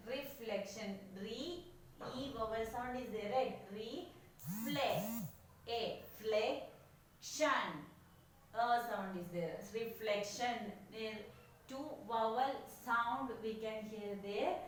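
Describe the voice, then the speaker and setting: A woman teaches a lesson at an unhurried pace, saying each word several times. Her voice sits slightly high. She is heard from a distance in a very echoey room with faint background noise. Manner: slow, repeats each word many times. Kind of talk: classroom lesson on syllables.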